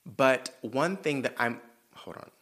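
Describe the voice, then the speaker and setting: In a casual advice chat, a podcast host delivers blunt, sassy, emphatic advice laced with profanity, turning earnest when the topic is himself. He speaks slowly and animatedly at medium pitch over heavy background noise.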